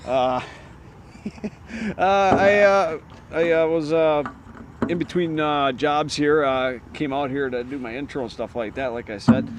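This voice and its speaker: A man hosting his vlog outdoors, talking casually with many pauses and "uh" fillers. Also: fairly high pitch. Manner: halting, full of "uh" fillers. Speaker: vlog host. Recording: faint street noise.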